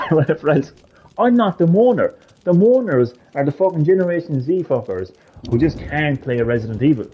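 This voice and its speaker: A man's voice: a little high, very animated, moderate pace, muffled recording, slight background noise. A man live streaming a heated gaming rant, swearing a lot and repeating his points with emphasis.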